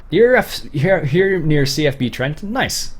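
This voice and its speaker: A man's voice: a little high, sing-song, a little slow, breathy edge. A young Canadian man from Ontario chatting casually through a livestream, rambling with fillers and restarts. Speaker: streamer.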